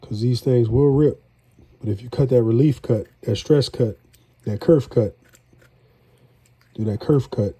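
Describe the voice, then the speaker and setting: A congested man with a New drawl talks viewers through his cooking in a loose, folksy ramble. His voice is very dark and a touch husky. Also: medium pitch, measured pace, pauses often. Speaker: home cook. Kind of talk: casual cooking vlog.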